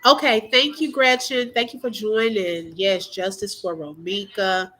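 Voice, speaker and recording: A woman's voice: medium pitch, steady tone, measured pace, a bit bright, poor audio. A middle-aged woman hosting a casual livestream, emotional as she talks straight to her viewers and reads their comments aloud. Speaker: livestream host.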